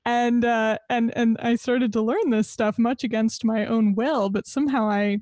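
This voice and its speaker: A woman's voice: fairly high pitch, fairly even intonation, moderate pace, darkish tone, dry recording. A young adult woman co-hosting a podcast, bantering and laughing easily in casual chat. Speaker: podcast co-host.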